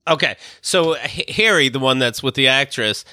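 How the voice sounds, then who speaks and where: A man co-hosting a podcast in casual chat, animated and crude with laughing asides. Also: mid-range voice, normal speed, dry recording. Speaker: podcast co-host.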